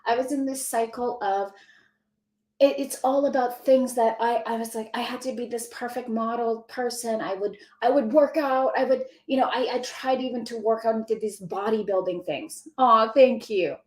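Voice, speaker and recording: Effusive, high-voiced spiritual woman in a roomy space. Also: moderate pace. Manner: gushing, effusive, greets viewers by name, laughs often. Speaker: spiritual mentor hosting a live stream. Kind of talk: casual livestream chat. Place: indoors at home.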